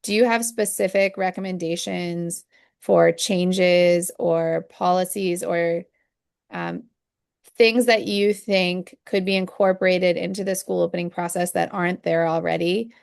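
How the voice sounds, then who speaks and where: A woman board member asking a deliberate, probing question at a public meeting. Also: fairly low pitch, fairly even intonation, creaky, darkish tone, clean tone, no room sound, clean studio sound.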